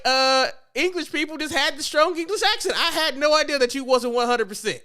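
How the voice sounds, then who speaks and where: A man co-hosting a casual wrestling podcast, animated and quick to laugh. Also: extremely high pitch. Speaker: podcast co-host.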